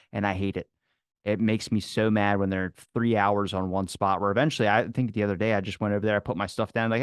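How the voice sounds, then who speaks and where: A man with a low, smooth, resonant voice hosts a casual podcast chat. He talks bluntly and swears casually. The recording is dry and close. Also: no room sound. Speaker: podcast host.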